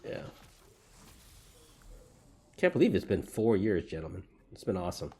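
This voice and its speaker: A man co-hosting a podcast, telling a dad joke with lively delivery and chatting casually. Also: low-pitched, normal speed, breathy edge. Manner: tells a joke with lively delivery, putting on old men's voices. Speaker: podcast co-host. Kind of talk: casual chat.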